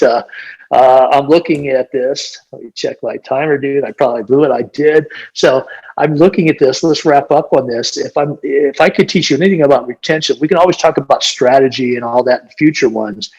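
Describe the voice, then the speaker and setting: A husky older man in his sixties talks shop like a veteran gym owner. He rambles through animated stories, full of "you know" and restarts. His voice sits at an ordinary pitch with a rough edge. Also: dull audio. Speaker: gym owner and business coach. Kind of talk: casual podcast storytelling.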